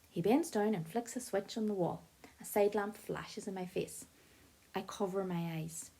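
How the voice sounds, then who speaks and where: A woman reads an audiobook aloud in first person. Her telling is lively and expressive. The voice is mellow and slightly husky. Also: mid-range voice, moderate pace. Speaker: audiobook narrator.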